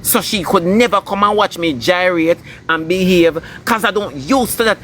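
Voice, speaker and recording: A man with a Jamaican accent lectures and scolds in a preachy rant, hammering his points home by repeating them. His voice sits a little high for a man. The recording is noisy, with street sounds and passing vehicles clearly heard behind him. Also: normal speed, sharp tone. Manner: scolding, preachy, emphatic repetition. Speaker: entertainer ranting online. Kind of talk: ranting commentary.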